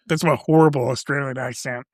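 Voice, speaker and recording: A man's voice: mid-range voice, steady tone, a little fast, dry recording, studio quality. A man in his forties co-hosting a casual chat, rambling, trailing off mid-sentence and laughing often. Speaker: podcast co-host.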